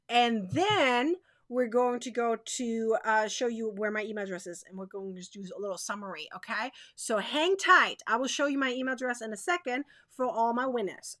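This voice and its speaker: A woman's voice: fairly high pitch, fairly bright tone, no room sound. A woman hosting a live crochet stream, chatting straight to her viewers in a bubbly way, repeating herself and laughing often.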